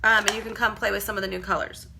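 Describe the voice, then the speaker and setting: A woman's voice: mid-range voice, level tone, rapid-fire, gravelly, noisy background. A woman chatting casually through a live makeup tutorial at home, rambling and greeting viewers by name. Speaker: makeup seller demonstrating products.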